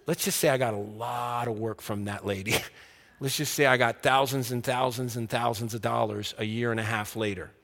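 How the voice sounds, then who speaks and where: A man preaching a sermon, telling his own story and acting out the dialogue, earnest and dropping soft on key words. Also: medium pitch, fairly even intonation, normal speed, long reverb tail. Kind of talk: sermon with personal testimony.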